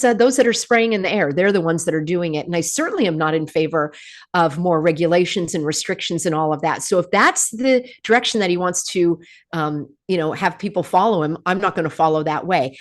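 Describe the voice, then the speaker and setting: Host: American woman, lowish voice, snarky and animated with viewers. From United States. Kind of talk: livestream monologue.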